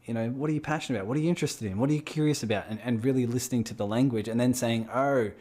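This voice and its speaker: A man's voice: medium pitch, steady tone, rapid-fire, dark tone. A man hosting an interview, thoughtfully restating and building on his guest's points in casual talk. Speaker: podcast host.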